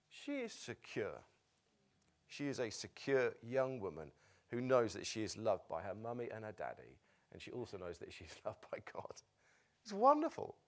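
A man preaching a sermon as pastor, animated, laughing easily and breaking off into halting restarts. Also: fairly high pitch.

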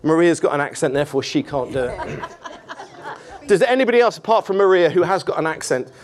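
A man preaching informally to a church group, chatty and joking with many fillers. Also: a little high. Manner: slow, deliberate scripture reading. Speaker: preacher leading a Bible study.

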